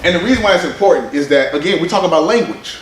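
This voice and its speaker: Animated man with a slightly high voice, giving a slide talk in a roomy hall. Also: racing, a little hiss or hum. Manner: animated, conversational, quotes people in voices. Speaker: presenter at a men's summit. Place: conference room. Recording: roomy hall sound with faint ambience.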